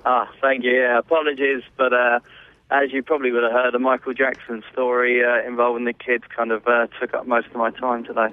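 A man's voice: mid-range voice, little pitch movement, a little fast. A man calling in to a show, speaking hesitantly with many fillers. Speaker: caller, tabloid writer. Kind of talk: phone call. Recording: tinny phone line.

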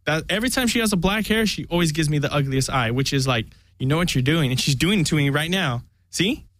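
A young man appears as a podcast guest in a casual chat, spinning a long, rambling story and acting out what people said. His fairly high voice is fast, lively and a bit bright, with no echo.

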